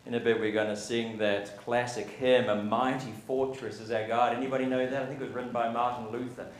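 In an echoey church sanctuary, a pastor preaches a sermon, building toward emphatic peaks and posing questions to the congregation. His mid-range voice is flat and fairly quick, with slight background noise.

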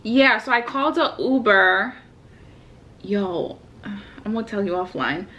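This young woman's voice is medium in pitch, animated, bright and forceful, though the highs are cut off. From a hotel room she vlogs while telling family a story on a phone video call, keeping it casual with chatty storytelling and quick laughs.

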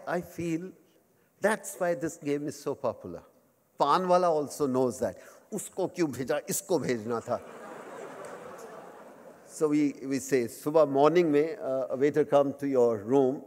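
His voice is fairly high with a darkish tone. He's a fiftyish Indian-accented guest speaker delivering a humorous memorial lecture to a live crowd, blending simple English with Hindi and poking fun at himself, while the big hall adds long reverb.

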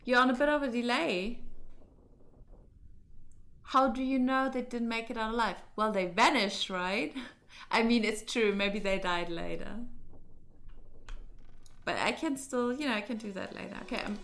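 A woman's voice: fairly high pitch, measured pace, pauses often, a bit bright. A woman streaming a puzzle game, thinking aloud in a hesitant, casual way, with fillers as she works things out. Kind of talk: casual let's-play commentary.

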